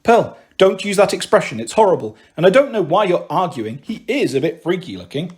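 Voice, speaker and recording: A man's voice: high voice, sing-song, fairly quick, darkish tone. A man reading a story aloud, voicing a harried mother who scolds her daughters in an exasperated way. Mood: weary. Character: harried, emotional working-class mother. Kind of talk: audiobook reading.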